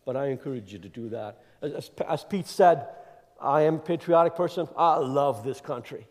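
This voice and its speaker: A man giving an energetic, rambling address as guest speaker in a church, with lots of fillers and emphatic repeats. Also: a little high, a little fast, vocal fry. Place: church sanctuary. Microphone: clip-on mic that keeps slipping. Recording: echoey church hall.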